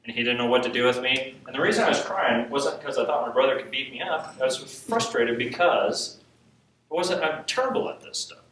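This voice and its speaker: Guy preaching, bright edgy voice, animated storytelling, echoey hall from far off, bit of hiss. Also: mid-range voice, a little fast. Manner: animated storytelling, acts out quotes, laughs often. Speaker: preacher teaching on intercession. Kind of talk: sermon storytelling.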